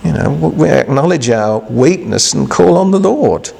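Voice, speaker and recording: A man preaching an informal devotional sermon, halting and conversational, often restarting and asking rhetorical questions. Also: a little high, animated, gravelly, darkish tone, husky.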